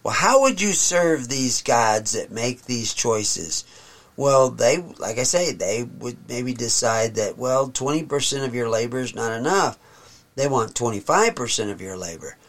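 A man teaching from the Bible, reading verses slowly and solemnly and then explaining them in plain talk. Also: mid-range voice, animated, a bit bright.

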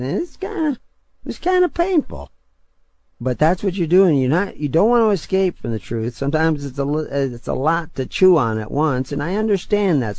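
Older male radio preacher, emphatic, rambling asides, mid-pitched voice, dry close sound. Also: no room sound. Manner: emphatic, building to forceful near-shouts.

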